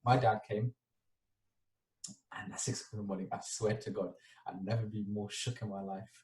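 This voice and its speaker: A man's voice: fairly low pitch, moderate pace. A young man telling a story casually on a podcast, acting out the scenes and tagging his lines with "yeah?". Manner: animated, acts out scenes, tags lines with "yeah?". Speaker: podcast co-host. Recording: roomy sound, mic at a distance.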